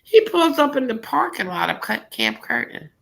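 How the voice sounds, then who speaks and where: A middle-aged woman casually telling a personal story, animated and laughing, jumping into high voices for quotes. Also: normal speed, creaky, poor audio.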